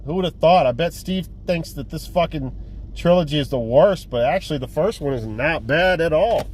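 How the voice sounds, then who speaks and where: A man's voice: on the high side, lively intonation, moderate pace, darkish tone, a little hiss or hum. A young man casually rambling through a movie review, full of fillers, restarts and profanity. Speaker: physical media collector vlogger.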